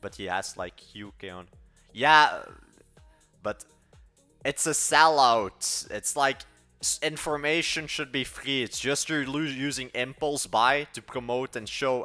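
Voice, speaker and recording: Bright-voiced Belgian teen streamer. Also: male voice, medium pitch, slow, soft background music. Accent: Belgian, mixed European-sounding. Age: late teens. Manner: rambling, self-correcting, blunt opinions. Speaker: livestreaming coder. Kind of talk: casual livestream chat answering viewers.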